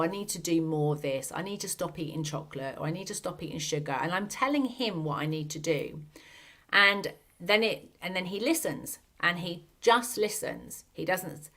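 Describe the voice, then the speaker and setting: A woman talks on her own podcast, sincere and reflective, asking one rhetorical question after another. Her voice sits a little low for a woman, and she speaks as a coach working through her own experience. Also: a bit bright. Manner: earnest, many rhetorical questions. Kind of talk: reflective solo podcast talk.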